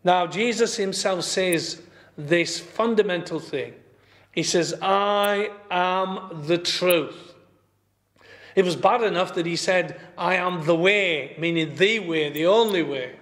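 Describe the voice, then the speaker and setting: An older man from England preaching a sermon as pastor, earnest and emphatic, repeating and slowing on key phrases. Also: high voice, fairly bright tone. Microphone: streamed church service.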